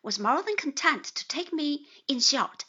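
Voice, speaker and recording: A woman's voice: high-pitched, animated, a little slow, bright, forceful tone, full character voice. A woman voicing an earnest, chatty young married man who drops into confidential tones, on slightly dull audio. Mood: eager. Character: cheerful young man, newly married lawyer.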